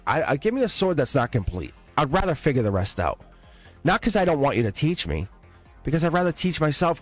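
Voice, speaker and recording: A man giving a live-stream tarot reading, excitable and blunt, swearing and laughing as he talks to viewers. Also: mid-range voice. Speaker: tarot reader.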